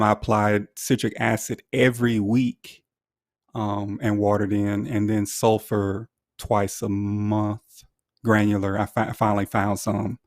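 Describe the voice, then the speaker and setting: A man's voice: on the low side, vocal fry, no room sound, studio quality. A man, a guest on a casual podcast, talking in a rambling way with many fillers and self-corrections. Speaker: guest lawn owner.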